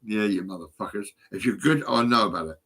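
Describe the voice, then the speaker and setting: A middle-aged man rambles into his phone, his voice husky and rough at the edges. He swears constantly and swings between low mutters and agitated outbursts. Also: quick pace, a bit bright. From England. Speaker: vlogger. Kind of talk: rambling monologue to camera.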